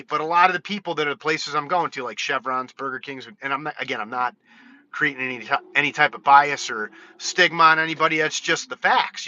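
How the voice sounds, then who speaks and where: A man's voice: a little high, bright, forceful tone, no room sound, highs cut off. A man talking in a casual vlog, frank and rambling, counting his points off one by one. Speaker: vlogger. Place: California.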